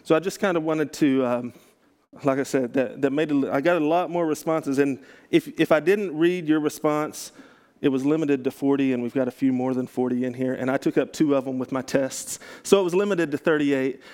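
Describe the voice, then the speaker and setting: Smooth-voiced man teaching a group. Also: medium pitch, fairly even intonation, brisk, darkish tone. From Texas. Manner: conversational, self-correcting, joking asides. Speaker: pastor. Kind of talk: casual teaching talk to a group.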